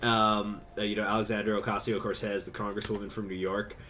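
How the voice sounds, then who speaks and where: A man streaming a strategy game, chatting casually with viewers, rambling, laughing and jumping into high excited bursts. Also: a little fast, a little hiss or hum. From United States. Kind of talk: casual game commentary with chat.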